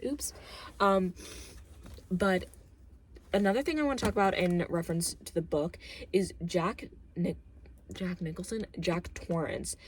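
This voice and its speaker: A woman's voice: low-pitched, darkish tone, slightly rough. A young woman vlogging, chatting casually about a film and book, rambling with lots of fillers and jokey asides.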